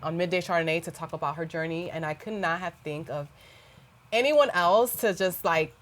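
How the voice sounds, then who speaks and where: Casting note: an effusive woman host, a little low-pitched, chatty and full of fillers. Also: normal speed. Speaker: podcast host. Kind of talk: casual chat.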